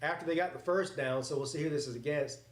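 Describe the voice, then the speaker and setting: Excitable man reacting live to football. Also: a little high, quick pace. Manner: rambling, excitable, swears casually. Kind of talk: casual live play-by-play reaction. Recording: roomy echoey home setup.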